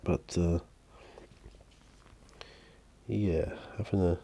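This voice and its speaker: A middle-aged man chatting casually while painting miniatures, soft-spoken and rambling with many fillers. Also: sits low, fairly even intonation, extremely slow, vocal fry, a little hiss or hum. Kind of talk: relaxed paint-along chat.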